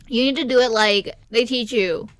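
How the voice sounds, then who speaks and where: A woman co-hosting a podcast in casual chat, animated and quick to giggle. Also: on the high side, clear, resonant tone, no echo. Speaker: podcast co-host.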